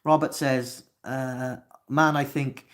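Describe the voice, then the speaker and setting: A man's voice: mid-range voice, flat delivery, slow pace. Man, twenties, Welsh accent, live stream host, irritable, swearing, reads comments aloud. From Wales. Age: 20s. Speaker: livestream host.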